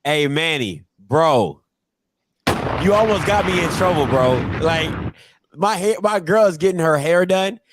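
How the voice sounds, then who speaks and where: A man hosting a live call-in sports show, talking in animated, slangy, laughing banter. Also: on the high side, measured pace. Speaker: host.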